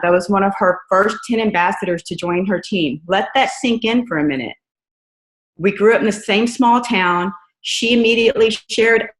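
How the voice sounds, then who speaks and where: A woman talks to her team in a heartfelt, conversational way, often checking in with her listeners. Her voice sits at a middle pitch. The room around her is echoey. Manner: earnest, conversational, often asks "right?". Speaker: guest speaker on a team call. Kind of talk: motivational talk.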